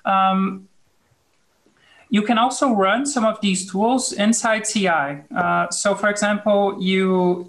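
A woman's voice: medium pitch, rough recording. Woman explaining loosely with fillers. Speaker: panel guest, conference speaker. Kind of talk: casual technical explanation. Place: remote video call.

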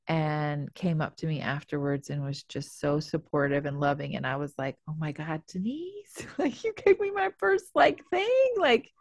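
A woman's voice: low-pitched, a little mellow, no echo, studio quality. A woman guest on a podcast, chatting casually and laughing often with lots of fillers. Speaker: actor and comedian guest.

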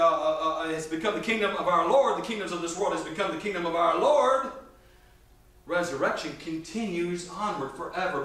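A man's voice: high-pitched, slight background noise. Brief: emphatic man preaching a sermon, heard from a distance in a big, echoey church. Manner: emphatic, shifts between loud and quiet.

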